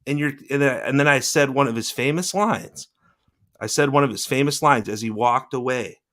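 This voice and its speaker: A man hosting a podcast, telling rambling stories in casual chat and slipping into lively voices to quote people. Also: mid-range voice, normal speed. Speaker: podcast host, former celebrity news producer.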